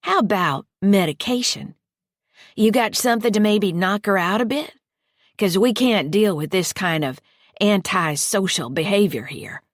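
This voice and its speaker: A woman's voice: medium pitch, unhurried, no room sound, studio quality, natural voice. A woman voicing a coaxing, menacing female caretaker who talks in a crude drawl in an audiobook thriller. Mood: breezy.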